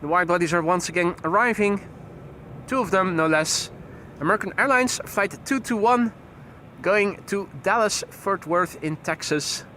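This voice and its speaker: Broadcasting live next to a runway, this plane-spotting host calls out flight information and tosses in dry jokes as he goes. His voice sits high with a sharp edge, his pace is normal, and there's a bit of background noise.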